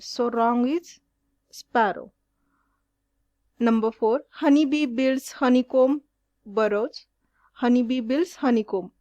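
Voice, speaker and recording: A woman teacher reading out exercise questions and their answers in a slow, deliberate question-and-answer way. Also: fairly high pitch, darkish tone, no room sound.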